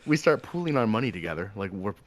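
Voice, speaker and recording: A man's voice: fairly low pitch, fast talker, crowd noise. A man on a podcast casually telling a travel story, loose and full of swearing. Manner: loose and profane, animated quoted voices.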